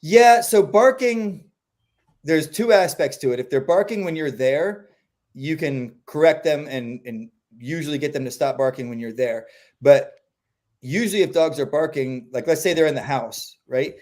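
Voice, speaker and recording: Man, dog trainer, casual explainer, slightly high voice, animated. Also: moderate pace. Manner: animated, acts out quotes in voices.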